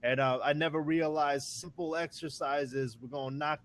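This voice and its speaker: A man talking as a guest in a casual conversation, animated and repeating words with many fillers. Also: a little high, normal speed, slight background noise.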